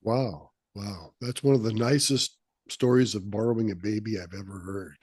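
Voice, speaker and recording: A man's voice: lowish voice, normal speed, a little mellow, husky, no room sound, studio quality. A man interviewing a guest, giving short encouraging reactions and playful prompts. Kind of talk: casual interview chat.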